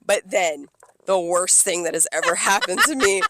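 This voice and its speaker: A woman's voice: lowish voice, big pitch swings, normal speed, gravelly, heavy background noise. A young woman co-hosting a podcast, telling a work story in casual chat, swearing freely and acting out what her customers said. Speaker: podcast co-host.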